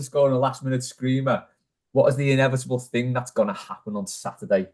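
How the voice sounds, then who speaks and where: A man hosts a casual football fan podcast, his voice sitting at an ordinary middle pitch. He laughs easily and keeps things moving by calling on each panel member in turn. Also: fast talker, darkish tone. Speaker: podcast host. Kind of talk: casual chat.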